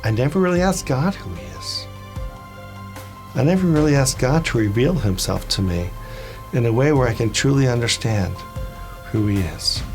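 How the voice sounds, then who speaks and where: A man in his fifties tells his faith testimony earnestly and reflectively, sometimes pausing on small fillers. His voice sits at an ordinary middle pitch, and faint music plays softly behind him. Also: expressive. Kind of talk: personal testimony.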